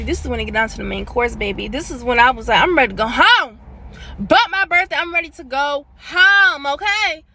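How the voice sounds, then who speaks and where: A young woman talks straight into her phone, casual and chatty, calling her viewers y'all. Her voice sits high and comes across bright and forceful. It sounds like a phone mic held up close. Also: creaky. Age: late 20s. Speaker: storyteller. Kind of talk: casual spoken storytime. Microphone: handheld phone.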